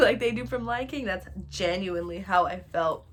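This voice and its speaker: A young woman telling a funny childhood story in a casual storytime, animated and dramatic, laughing as she goes. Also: medium pitch, normal speed. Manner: animated and dramatic, shouting and wailing re-enactments.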